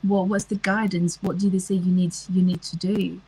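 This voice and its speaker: A woman's voice: on the low side, little pitch movement, normal speed, mellow, husky, rough recording. A woman, chatting casually on a livestream and answering comments, with lots of ums and restarts. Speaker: livestream host.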